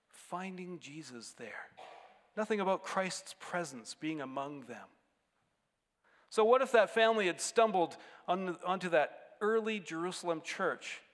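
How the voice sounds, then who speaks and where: A man preaching a sermon as pastor of a church, earnest, swinging between emphatic rises and quiet drops. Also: a little high, measured pace, long pauses, big-room sound.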